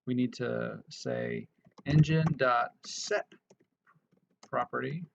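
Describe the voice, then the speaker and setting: A man with a gravelly voice teaches a casual programming tutorial. He thinks aloud as he goes, with restarts and fillers. The sound is dull and lo-fi, with faint keyboard clicks behind him. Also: mid-range voice, slow pace, noisy background. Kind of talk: casual screen-recorded coding tutorial.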